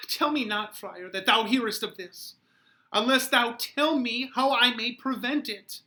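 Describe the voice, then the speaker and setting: Guy reading as a desperate teen girl, pitched way up, loud and pleading, bright tone. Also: measured pace, exaggerated voice.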